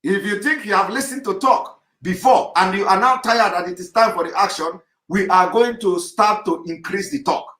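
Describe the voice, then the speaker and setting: Forceful high-voiced man. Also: moderate pace, few pauses. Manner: insistent, repetitive, forceful oratory. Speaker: activist leader giving a live broadcast. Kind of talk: live online address to followers. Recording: roomy echo.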